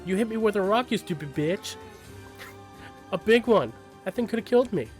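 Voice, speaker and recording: Whiny boy bully, high and yelling, done by a man. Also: animated, moderate pace, soft background music. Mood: angry yelling. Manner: shrill, yelling. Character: bratty village boy bully, loud and whiny.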